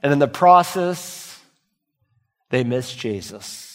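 A male pastor preaching a sermon, swinging from loud emphatic lines to quiet, low asides. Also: lively intonation, takes it slowly, big-room sound.

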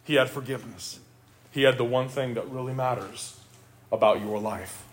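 A middle-aged male pastor preaching a sermon, earnest and emphatic, rising to exclamations and dropping low for quiet reflective asides. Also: normal speed.

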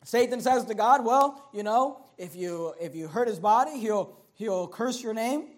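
Male preacher, very high voice, emphatic delivery with loud peaks and low drops, repeats himself. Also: expressive, unhurried. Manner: emphatic, rising to near shouts and dropping low; repeats words and phrases. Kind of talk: sermon.

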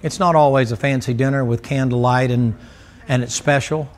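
Delivering a folksy sermon laced with jokes, this preacher speaks to his church congregation in a steady, mid-range voice at a moderate pace. He's a storyteller who teases the people before him.

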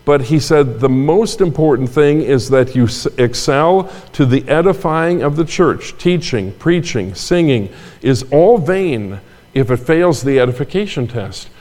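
A man's voice: medium pitch, expressive, a little slow, darkish tone. An older man, a pastor, delivering a sermon in a conversational way, with asides and repeated phrases. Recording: long hall reverb.

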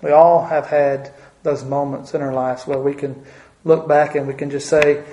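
A man's voice: fairly high pitch, level tone, normal speed, dark tone, slight background noise. A man preaching a sermon in a church, talking earnestly with folksy asides and repeated phrases for emphasis. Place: church sanctuary. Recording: roomy church reverb.

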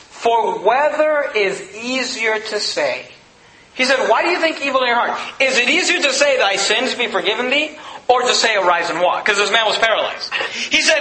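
A male pastor preaching a sermon in an emphatic, conversational way with quick asides. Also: extremely high pitch, pushed and bright, reverberant, slight background noise, poor audio.

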